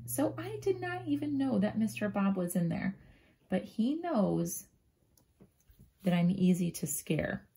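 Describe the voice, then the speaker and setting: A woman teacher slowly and gently walking young pupils through a writing lesson, often dropping into a soft near-whisper as she draws and spells. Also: medium pitch, creaky, slight background noise. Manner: slow, gentle, talks directly to young pupils. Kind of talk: children's writing lesson, drawing and thinking aloud.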